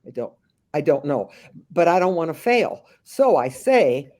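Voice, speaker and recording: A woman working as a memory care consultant, answering interview questions with lively acted-out anecdotes and frequent restarts. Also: deep voice, a little slow. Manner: animated storyteller, slips into voices of the people she describes; frequent restarts and thinking aloud.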